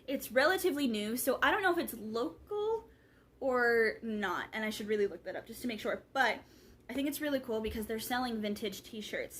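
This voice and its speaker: A woman's voice: fairly high pitch, fairly bright tone, a little hiss or hum. Chatty young woman vlogging. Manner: rambling, chatty, lots of fillers. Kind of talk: casual vlog chat.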